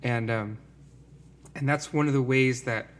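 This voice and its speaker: A man's voice: mid-range voice, fairly even intonation, measured pace, slight background noise. A man talking earnestly and rambling a little, full of fillers, in a casual conversation about faith.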